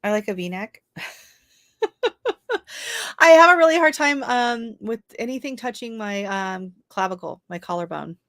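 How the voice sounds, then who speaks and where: A woman's voice: fairly high pitch, animated, measured pace, long pauses, fairly bright tone, no room sound, studio quality. A woman hosting a casual livestream from home, chatting and laughing as she greets viewers and answers their comments. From Canada. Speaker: livestream host.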